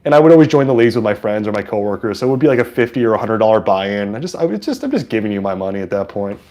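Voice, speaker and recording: A man from San Francisco hosting a livestream, chatting excitedly and casually as he comments on a football game. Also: fairly low pitch, very fast. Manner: chatty and excitable, with frequent fillers. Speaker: livestream host. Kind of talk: casual live sports commentary.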